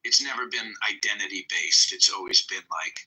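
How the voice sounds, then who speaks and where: A man in his thirties in a casual, profane chat, rambling and jumping between soft asides and loud bursts. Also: on the low side, normal speed, rough recording. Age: 30s.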